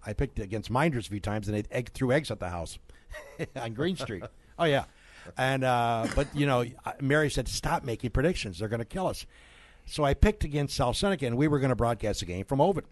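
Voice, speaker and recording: A middle-aged man hosting a local radio show, telling a story in a studio with lively asides and laughs. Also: mid-range voice, fairly quick, no echo. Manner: animated storyteller, laughs mid-sentence. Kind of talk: casual storytelling and sponsor reads.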